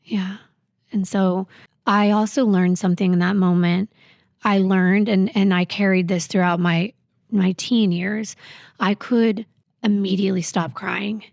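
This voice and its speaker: A woman guest on a podcast, recounting a painful personal story in a halting, reflective way full of fillers. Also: mid-range voice, steady tone, creaky, a little mellow, no room sound.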